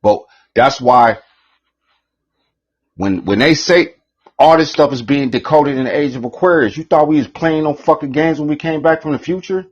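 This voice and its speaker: A man giving a preachy, profane rant, repeating himself often, with a husky voice. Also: on the high side, normal speed, highs cut off. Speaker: vlogger.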